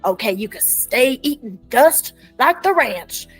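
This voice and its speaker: A woman with a somewhat high voice delivers a comedic promotional monologue in a playful cowboy persona. Her talk is folksy and drawling, heavy on slang. Soft music plays faintly behind her. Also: expressive, measured pace, breathy edge, poor audio. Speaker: clinic business promoter.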